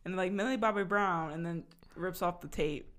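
A woman's voice: on the low side, normal speed, fairly bright tone. Chatty young woman podcast host. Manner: chatty, laughs often, many fillers and restarts. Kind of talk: casual chat.

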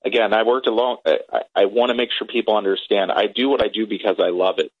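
A man's voice: lowish voice, quick pace, breathy edge, no room sound. A man calling in as a critical care doctor, earnest and emotional. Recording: tinny phone line.

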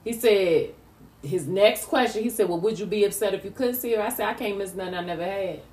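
A woman's voice: mid-range voice, brisk, darkish tone. A young woman casually telling a family story, quoting what others said. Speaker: daughter telling her story.

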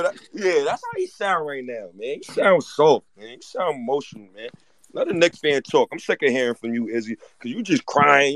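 A man hosting a fan chat room, loud and teasing as he trash-talks a rival fan. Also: high-pitched, dry recording. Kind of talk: heated casual fan banter.

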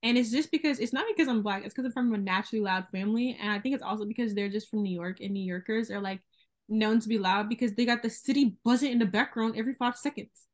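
A young woman from the American South, talking loudly and emphatically in a casual podcast chat. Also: fairly high pitch. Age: young adult. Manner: fast-talking, loud, emphatic. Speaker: podcast co-host.

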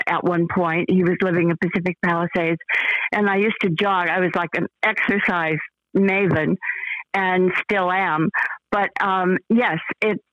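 An older actress being interviewed, talking in a rambling, effusive way with lots of fillers and restarts. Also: female voice, mid-range voice, no room sound, dull audio. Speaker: actress guest. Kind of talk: casual interview chat.

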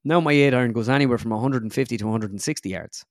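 A man's voice: mid-range voice, rapid-fire, dry recording, studio quality. A young Irish man, a guest comedian, telling a rambling golf story in casual chat, full of fillers. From Ireland.

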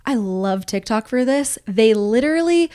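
A woman's voice: a little high, expressive, moderate pace, mellow. A young woman co-hosting a podcast, spilling gossip in rambling casual chat. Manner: rambling, restarts, fillers while spilling gossip. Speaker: podcast co-host.

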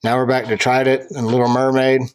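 A man's voice: medium pitch, flat delivery, fairly quick, clean tone. A man co-hosting a casual comedy podcast, telling rambling stories and laughing along. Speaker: podcast co-host.

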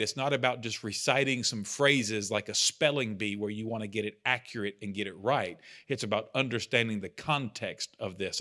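Leading a church study group, this man talks in a relaxed but earnest way, poking fun at himself along the way. His voice sits on the low side and has a sharp tone; the talk is casual teaching.

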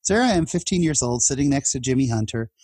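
Middle-aged guy from california, raspy-ish voice, mid pitch, chatty storytelling, gets animated. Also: fast talker, no room sound. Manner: animated, voice jumps up when excited. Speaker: guest telling a personal story. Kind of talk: conversational storytelling.

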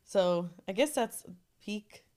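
A young woman co-hosting a casual podcast while nine months pregnant, chatty and quick to laugh. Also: medium pitch, lively intonation, mellow. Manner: giggly, chatty, lots of fillers. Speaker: podcast co-host. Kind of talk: casual chat.

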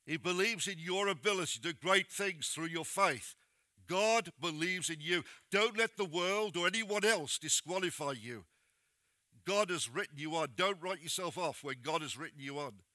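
A man preaches a sermon in a high, very bright and ringing voice. He is plain-spoken and direct as he urges his listeners on. The sound is close and dry. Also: normal speed, dry recording.

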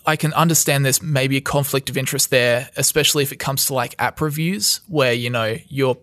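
A man's voice: mid-range voice, a little fast, fairly bright tone, dry recording. A man co-hosting a casual podcast, explaining thoughtfully and restarting phrases as he works through points. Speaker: podcast co-host.

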